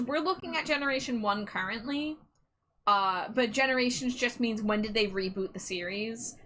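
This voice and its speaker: A woman hosts a live stream in a loose, chatty way, cursing freely and getting excited. Her voice sits a little high and sounds bright and crisp. She talks with easy, unscripted energy. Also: slight background noise. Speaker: streamer host. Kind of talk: casual chat on a live stream.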